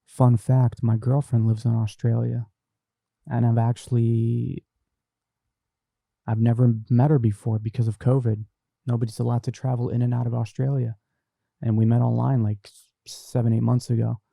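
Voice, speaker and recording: A young podcast host reads viewer comments from the live chat aloud and chats casually about them, like a relaxed live stream. His mid-range voice is gravelly and mellow, delivered flatly at a normal speed. He's on a desk microphone through a mixer, with no room sound.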